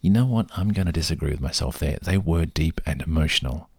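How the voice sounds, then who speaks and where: A man's voice: a bass voice, lively intonation, fast talker, gravelly, slightly rough, dry recording, clean studio sound. A man telling rambling, self-deprecating stories in a casual solo monologue.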